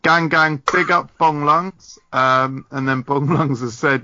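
A man's voice: on the high side, fairly even intonation, slow, bright, forceful tone, no room sound, lo-fi sound. A man hosting a casual podcast, reading listener comments aloud with lots of fillers and giggles.

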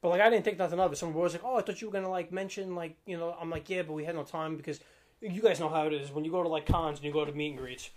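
A young man rattles off a story in loose, slangy chat. His delivery is quick and a touch high-pitched, full of filler and asides. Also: fairly even intonation. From Staten Island, New York. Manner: rambling, slangy, laughs while telling.

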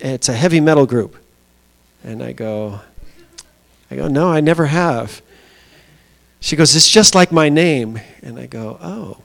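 Male pastor, mid-pitched voice, chatty storytelling sermon delivery. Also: creaky. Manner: storytelling, conversational with pauses and fillers. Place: small church.

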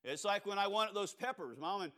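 A Cajun preacher with a notably high voice for a man. He delivers his sermon in a storytelling way, pauses on fillers and restarts, and keeps asking the congregation whether they agree. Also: expressive, pushed and bright. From Louisiana. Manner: storytelling with rhetorical questions to the congregation and frequent fillers.

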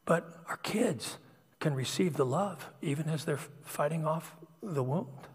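A middle-aged man preaching a sermon, telling personal stories in a confessional way that swings from hushed to loud. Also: on the high side, a little slow, husky, in a large hall.

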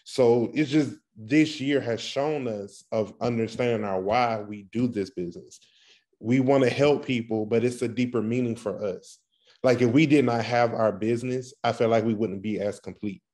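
Man podcast cohost, earnest and reflective, mid pitch, kinda halting. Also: a little mellow. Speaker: podcast co-host. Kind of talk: casual podcast chat.

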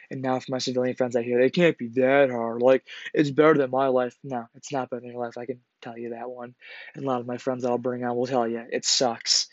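A man hosts a podcast and tells a personal story in a loose, rambling way, swearing often and restarting his sentences. His voice sits at an ordinary pitch. It is recorded close and dry, with a slightly dull, lo-fi sound. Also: no room sound. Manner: profane, rambling, lots of fillers and restarts. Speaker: podcast host.

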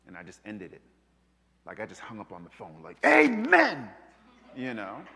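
A man preaching a sermon, animated, moving between loud calls and hushed asides. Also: sits low, fairly quick. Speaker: pastor. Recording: long reverb of a hall.

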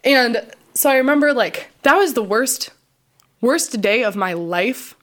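A woman's voice: on the high side, expressive, measured pace, a bit bright. A young adult woman, a podcast co-host, casually telling her personal testimony in a chatty way, full of fillers and re-enacted quotes of her past self.

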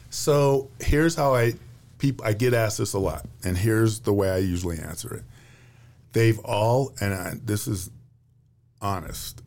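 Man, fifties, American, relaxed, chatty, restarts often, lowish pitch. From United States. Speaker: retiring Air Force general, podcast guest. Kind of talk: casual storytelling interview.

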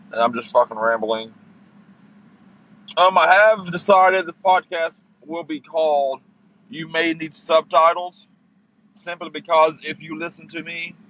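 A man's voice: a little high, a bit bright, dull audio. A man hosting his own podcast, ranting angrily about sports with heavy swearing and stammering, recorded in a parked car. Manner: profane, heated, stammering. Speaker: podcast host. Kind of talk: angry sports rant.

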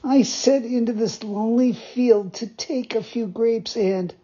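A frightened puppet boy with a high, pleading voice that keeps breaking into sobs, put on by a woman reading a storybook. The voice is husky and raspy. The recording sounds dull and lo-fi. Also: unhurried, dark tone. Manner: sobbing, pleading. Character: puppet boy, scared and tearful.

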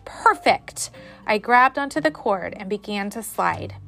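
A woman teacher reading a children's story aloud to a class, with an expressive, animated delivery. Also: mid-range voice, normal speed, gravelly, over loud music.

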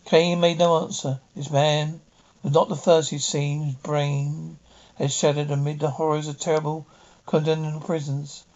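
Man narrating a dark tale, gravelly voice, kinda high, muffled lo-fi sound. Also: level tone, moderate pace. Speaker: audiobook reader. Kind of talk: storybook narration.

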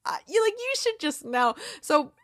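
A woman hosting a casual episode recap, retelling scenes with quick quoted dialogue and frequent laughs. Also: sits high, sing-song, no room sound, studio quality. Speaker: podcast host recapping a TV episode.

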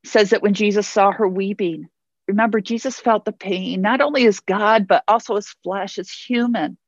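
A woman's voice: medium pitch, normal speed, no room sound, lo-fi sound. A woman pastor preaching a sermon in an earnest way, repeating phrases for emphasis.

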